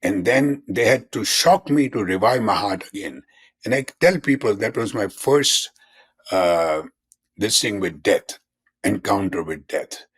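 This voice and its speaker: An older man speaks as a physician guest in an interview, his voice low and husky. He explains earnestly and comes back to key terms again and again. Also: animated, measured pace, fairly bright tone. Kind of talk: conversational interview.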